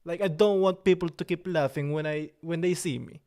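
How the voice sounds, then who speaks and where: A man hosting a livestream, chatting with viewers in a playful, vain, mock-serious way. His phrasing is halting and broken, and he drops in occasional French words. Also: fairly high pitch, steady tone, a little mellow. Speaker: livestream host. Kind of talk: casual livestream chat with viewers.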